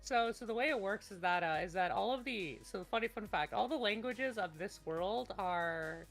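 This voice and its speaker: A woman with a mid-range, animated voice runs a tabletop game as game master, talking at normal speed. On the voice call she chats casually, rambles, restarts a lot, and bursts out laughing loudly, with soft music in the background.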